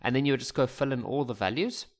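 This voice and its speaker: Man, maths tutor, casual, thinks out loud, mid pitch. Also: fast. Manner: chatty, thinks aloud, joking asides. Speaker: maths teacher. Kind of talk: casual explanatory lesson voice-over.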